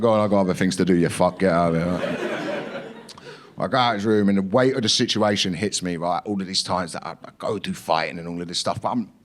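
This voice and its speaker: A young man performing a stand-up comedy set, telling a story in a punchy way, acting out quotes and swearing as he goes. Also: fairly low pitch. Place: comedy club stage.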